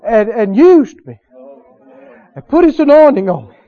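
A man from Mississippi, preaching a sermon in a fervent, repetitive way that climbs into shouts of praise. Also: very high voice, big pitch swings, normal speed, highs cut off.

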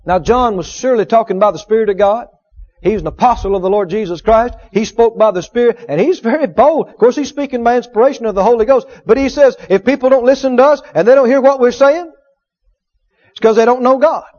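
Preacher guy w a really high voice, lively sermon, jumps loud to quiet, muffled old tape sound. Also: fast. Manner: animated, acts out little dialogues, swings from loud to hushed. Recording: dull lo-fi sermon recording.

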